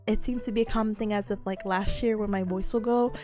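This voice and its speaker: A woman streamer chatting casually, her voice a little sick and hoarse, animated and laughing often. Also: mid-range voice, fast, soft background music. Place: small rented room indoors. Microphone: streaming setup with headphones on.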